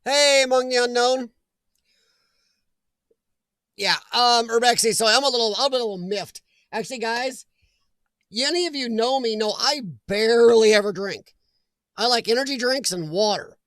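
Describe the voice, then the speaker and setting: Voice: medium pitch, fairly bright tone, no room sound, clean studio sound. A livestream host chatting casually from home, laughing often and greeting viewers by name.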